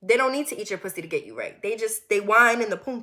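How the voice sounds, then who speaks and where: A young woman from the US Northeast telling a personal story in a casual, animated way, acting out quotes and dropping to low murmurs. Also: fast talker, few pauses. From Connecticut. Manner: animated and candid, acts out quoted lines, drops to low murmurs.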